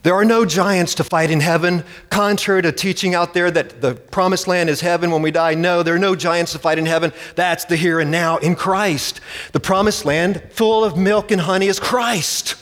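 A man's voice: sits high, fairly even intonation, normal speed, a bit bright. Emphatic male preacher in a reverberant hall. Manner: emphatic, dramatic quoting. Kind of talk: sermon.

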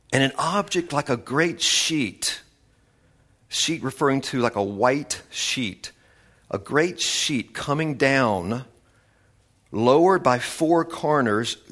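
A man's voice: on the high side, fairly bright tone. A man teaching a casual Bible study, reading verses and adding chatty, enthusiastic asides.

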